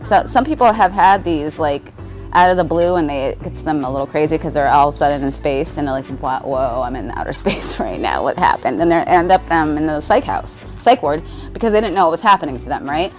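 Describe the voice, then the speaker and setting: A young woman talks to her viewers in a loose, rambling way, leaning on fillers and restarts. Her voice sits a little low and she smokes as she goes. Faint music plays softly underneath. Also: fast. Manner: chatty, rambling, many likes and you guys. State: smoking while talking. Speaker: spiritual vlogger. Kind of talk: casual confessional monologue.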